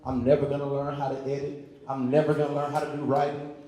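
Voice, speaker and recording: A man's voice: a little high, monotone, fast talker, warm tone, a little hiss or hum. A man on a panel speaking to a live audience, with a confident and emphatic salesman's delivery. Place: large hall at a community event. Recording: very echoey hall.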